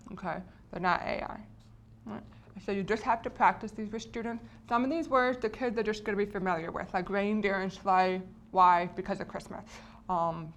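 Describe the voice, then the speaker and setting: A woman explaining spelling patterns to teachers in a patient lesson, often checking in with the listeners. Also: medium pitch. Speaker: teacher educator.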